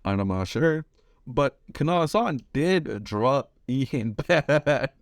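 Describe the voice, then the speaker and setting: A man's voice: medium pitch, expressive, very slow, no echo, clean studio sound. A man giving fight predictions, talking slangy and rambling, swearing a lot and restarting his sentences. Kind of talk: casual chat.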